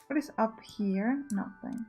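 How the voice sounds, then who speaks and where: A woman's voice: a little high, a little slow, darkish tone, faint music behind. A woman giving casual let's play commentary, thinking aloud and correcting herself as she plans.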